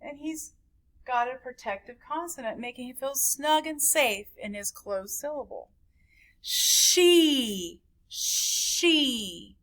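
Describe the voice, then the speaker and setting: Woman, phonics teacher, recorded lesson for kids, slow, sing-song, stretched-out sounds, fairly high voice. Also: a bit bright. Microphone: camera recording at a desk.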